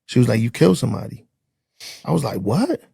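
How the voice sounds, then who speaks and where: A man's voice: medium pitch, animated, fast, gravelly, mellow, slightly rough, dry recording, studio quality. A man, a former corrections officer, telling his story bluntly in casual, profane speech and acting out the dialogue.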